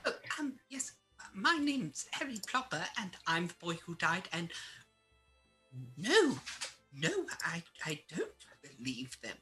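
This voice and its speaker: A woman plays a tabletop game character in a hesitant way. Her lowish voice is bright and moves around a lot in pitch, with faint music behind her. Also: sing-song, slow. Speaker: player. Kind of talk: tabletop game role-play.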